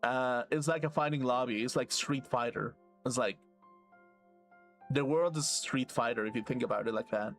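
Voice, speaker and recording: Male streamer, mid-pitched, loose profane ramble, faint game music behind. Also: moderate pace, a bit bright. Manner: rambling, profane, laughs to himself. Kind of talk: casual rambling rant while gaming.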